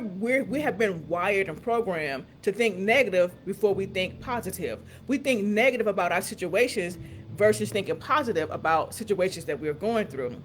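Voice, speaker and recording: A woman hosts a motivational talk and leads her listeners through affirmations. She stresses key phrases and repeats them slowly and emphatically. Her voice sits mid-pitch, with a faint hum of ambience behind it. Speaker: host.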